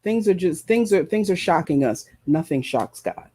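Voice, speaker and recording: A preacher delivers an emphatic sermon, driving his points home through repetition. His voice is husky and mellow, sitting a little higher than most men's. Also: animated, moderate pace. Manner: impassioned, emphatic, repeats phrases. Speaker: preacher and show host.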